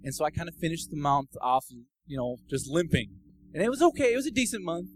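A man giving a casual, personal sermon testimony that builds into fervent, loud preaching. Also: on the high side, big pitch swings, brisk, a little hiss or hum, poor audio.

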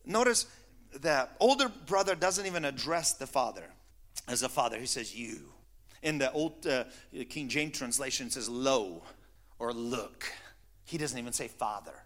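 A man's voice: medium pitch, lively intonation, normal speed, a bit bright. A man preaching a sermon as pastor, telling the story with teasing asides and rhetorical questions to his congregation.

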